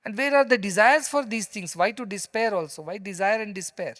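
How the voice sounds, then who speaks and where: High-voiced Indian English spiritual teacher. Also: male voice, a little fast, fairly bright tone. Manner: conversational, explanatory, emphatic. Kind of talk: spiritual discourse with storytelling. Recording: long hall reverb.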